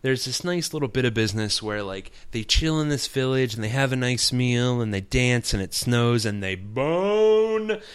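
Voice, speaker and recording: Chatty, rambling man with a smooth voice. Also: mid-range voice, animated, dry recording. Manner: rambling, jokey, acts out characters' lines in quick paraphrase. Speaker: podcast host recapping a film. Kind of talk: casual film recap.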